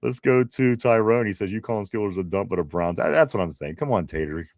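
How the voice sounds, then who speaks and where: A man's voice: fairly low pitch, animated, quick pace, a little mellow, no room sound, clean studio sound. A man co-hosting a casual live stream, reading viewer comments aloud with laughs, restarts and teasing.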